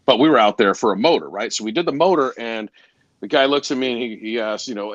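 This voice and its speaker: A man, a garage door salesperson, telling lively stories in a casual interview, acting out the dialogue and sometimes losing his train of thought. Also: medium pitch, fast talker, no echo, muffled recording. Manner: animated, acts out dialogue in stories.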